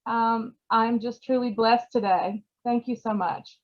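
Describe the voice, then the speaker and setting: A woman from Georgia, giving a tearful acceptance speech over a video call, halting and choked up with many fillers. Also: a little high, steady tone, dull audio. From Georgia, USA. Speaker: award recipient.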